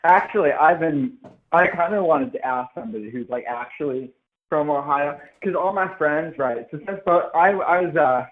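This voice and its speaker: A man's voice: a little high, normal speed. Young man calling in on a tinny phone line. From Seattle. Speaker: caller. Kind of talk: casual chat.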